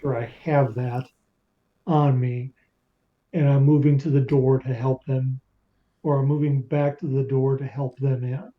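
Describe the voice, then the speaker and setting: A man's voice: medium pitch, little pitch movement, a little slow. Hesitant male player on dull call audio. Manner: hesitant, thinking aloud. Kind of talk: in-character play description. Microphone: remote call setup.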